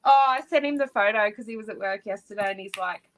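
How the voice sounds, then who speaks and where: A woman's voice: mid-range voice, quick pace. An Australian woman from Queensland, co-hosting a casual craft chat and telling stories with frequent giggles. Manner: giggly, expressive storyteller. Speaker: co-host.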